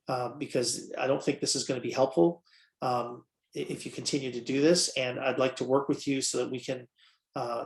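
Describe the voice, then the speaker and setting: A man's voice: mid-range voice, gravelly, reverberant. A man presenting a training webinar in a conversational way, with many fillers, and answering questions from the audience. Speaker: workshop presenter.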